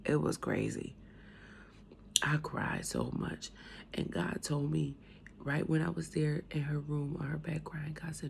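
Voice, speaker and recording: A woman with a cold telling her faith testimony in a casual, animated way, moving between loud outbursts and hushed whispers. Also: low-pitched, a little slow, vocal fry, slight background noise. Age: adult with a young son. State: has a cold, coughing. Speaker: speaker sharing her testimony.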